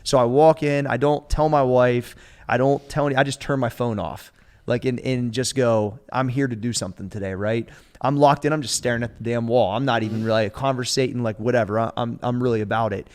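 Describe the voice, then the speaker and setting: A man in his forties tells a story on a coaches' podcast in a casual, animated way. He acts out what others said and swears freely as he goes. His voice sits at an ordinary middle pitch for a man. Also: brisk, smooth. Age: 40s. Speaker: strength coach.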